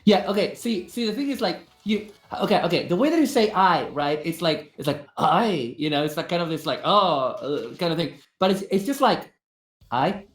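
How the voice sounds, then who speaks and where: A woman's voice: on the low side, animated, brisk, hardly any pauses. A woman teasing her co-host in casual chat on a live stream. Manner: teasing, laughs often. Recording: roomy echo.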